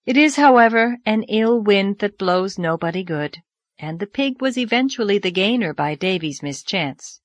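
A woman narrating a classic novel aloud in a measured, expressive storytelling voice. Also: mid-range voice, no echo. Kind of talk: audiobook narration.

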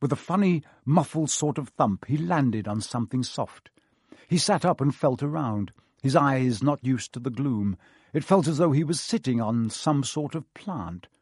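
A man reading a storybook aloud in an expressive, varied narration. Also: mid-range voice, normal speed, breathy edge, no room sound, studio quality. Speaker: audiobook narrator.

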